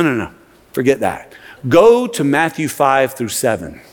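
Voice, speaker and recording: A man preaching a sermon in a church, impassioned, often repeating words as he presses his points. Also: medium pitch. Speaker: pastor. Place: church sanctuary. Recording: long reverb of a large hall.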